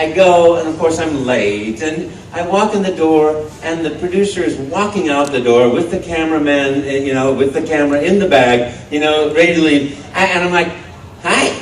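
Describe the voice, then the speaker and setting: Animated man telling a panel story. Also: a little high, normal speed, few pauses, recorded from a distance, slight background noise. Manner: lively storyteller, acts out the other voices. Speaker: voice actor guest on a panel. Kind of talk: anecdote told to a fan panel. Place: large convention panel room. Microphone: phone held in the audience, far from the stage. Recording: echoey hall, phone from the audience.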